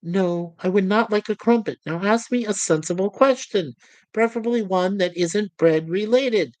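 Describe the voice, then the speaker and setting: A boastful ship computer, voiced by a woman, crows about her new genius and snaps when pestered. The voice sits mid-pitch, close and dry. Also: moderate pace, darkish tone, no echo, natural voice. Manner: boastful, testy. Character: proud female ship computer, suddenly genius.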